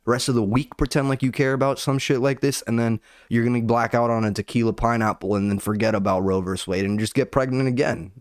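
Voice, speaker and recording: A young man with a medium-pitched, fairly even voice rants fast with hardly any pauses, recorded cleanly with no echo, as in a studio. It's a casual comedic rant, sarcastic and profane, and he calls everyone "dude" constantly.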